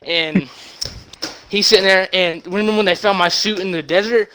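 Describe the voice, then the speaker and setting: A young man retelling a movie plot as a rambling comic story, excited and short of breath, with sudden loud bursts. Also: high-pitched, normal speed, slight background noise, low-quality recording.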